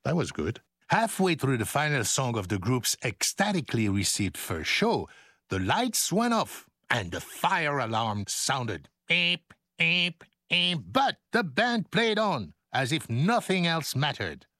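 Older male guest, former broadcaster, jokey and animated, bouncy pitch. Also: measured pace, dry recording, studio quality. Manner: animated, playful, joking. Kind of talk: casual chat.

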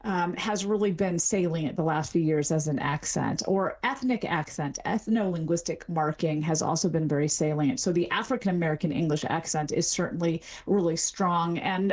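A middle-aged woman, a linguistics professor, explaining things articulately as a guest in an interview. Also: fairly low pitch. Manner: articulate, explanatory, with some fillers. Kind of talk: expert interview.

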